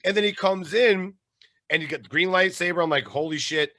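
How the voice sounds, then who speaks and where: Male host, animated and chatty, bright tense voice, dry close sound. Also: high-pitched, fairly quick, no echo. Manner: animated, laughing fan talk. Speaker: podcast host. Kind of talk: casual interview chat.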